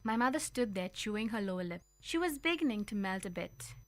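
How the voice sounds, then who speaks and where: A woman reading a storybook aloud on community radio, telling it in an expressive, lively way. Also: medium pitch, a little fast, no room sound. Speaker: story reader.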